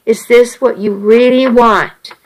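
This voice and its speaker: A woman voicing a gentle, loving young man who speaks softly and tenderly, in a romance story read aloud. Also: fairly high pitch, fairly even intonation, slow pace, rough recording. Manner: soft, tender.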